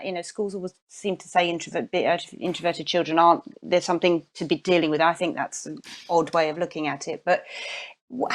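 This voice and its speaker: A woman moderating a parenting panel, putting a thoughtful question to the panelists. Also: on the low side. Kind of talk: panel discussion.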